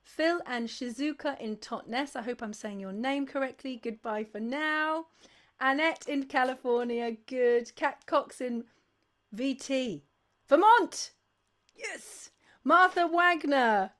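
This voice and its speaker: Female livestream host, slightly high pitch, effusive and chatty, rattles off viewer names. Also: measured pace, a bit bright. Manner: effusive, gushing thanks. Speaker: host of a sing-along livestream. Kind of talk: casual livestream chat.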